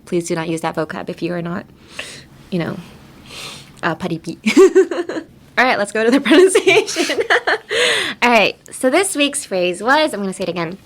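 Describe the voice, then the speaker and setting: A woman hosts an English lesson podcast from a radio studio, teaching through casual chat. Her high-ish voice is sing-song at a moderate pace, and she laughs often while acting out playful pronunciation demos.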